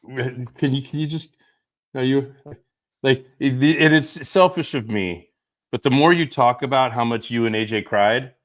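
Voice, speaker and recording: A middle-aged father hosting a casual chat with his daughter, earnest and halting, often breaking off and restarting. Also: medium pitch. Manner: halting, self-interrupting, earnest. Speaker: podcast host, father.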